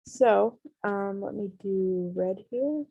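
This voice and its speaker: A woman's voice: mid-range voice, slow pace, vocal fry, dry recording, highs cut off. A woman teaching an online Spanish class, explaining each step patiently with many ums.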